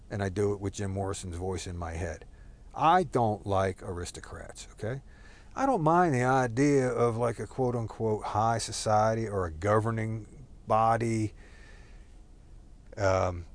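A man talking in a casual, rambling monologue, thinking aloud and giving his opinions. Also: lowish voice.

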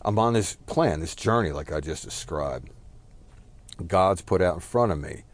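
Deep-voiced man rambling about his life. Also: lively intonation, unhurried. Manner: rambling, self-deprecating, swears and apologizes. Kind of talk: personal reflective monologue.

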